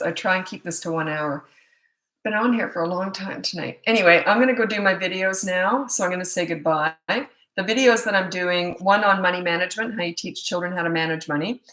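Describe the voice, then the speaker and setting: Lively woman coach in an echoey room. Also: on the low side. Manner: lively, acts out quoted parents and kids in changed voices. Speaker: parenting coach. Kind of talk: casual live Q&A talk.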